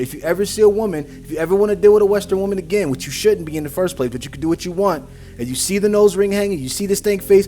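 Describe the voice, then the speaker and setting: Man, reaction host, casual commentary, heated slangy rant, fairly high voice, faint music behind. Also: a little mellow. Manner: heated ranting with street slang.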